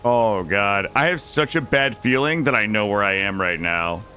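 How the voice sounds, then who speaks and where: A man's voice: on the low side, animated, normal speed, pushed and bright, soft background music. A young man live-streaming a video game, talking anxiously and dramatically to his chat as he plays.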